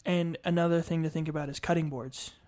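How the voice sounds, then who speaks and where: Easygoing young man, slightly high voice. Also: fairly even intonation, a little fast, a little mellow. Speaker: podcast co-host. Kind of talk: casual chat.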